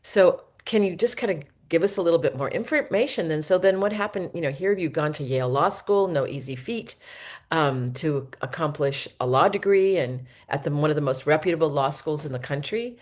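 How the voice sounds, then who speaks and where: Low-voiced woman radio host. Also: lively intonation, a little fast. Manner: warm encouraging questions with restarts. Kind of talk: interviewing a guest.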